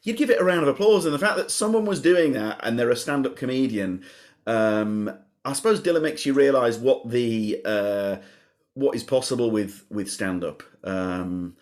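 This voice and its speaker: A man's voice: mid-range voice, animated, normal speed. A man hosting a comedy podcast, chatting casually and hesitantly with his guest. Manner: hesitant, many fillers and restarts. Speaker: podcast host. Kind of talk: casual chat.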